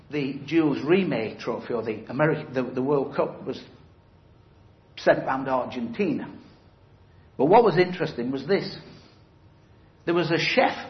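A middle-aged man preaching an evangelistic sermon in a church hall, speaking emphatically and conversationally and putting questions to his listeners. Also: fairly high pitch. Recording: roomy, slightly dull hall recording.

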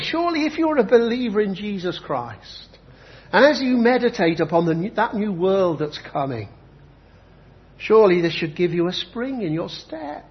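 High-voiced man preaching emphatically. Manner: emphatic, with slow dramatic repetitions. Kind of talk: sermon. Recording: dull lo-fi recording.

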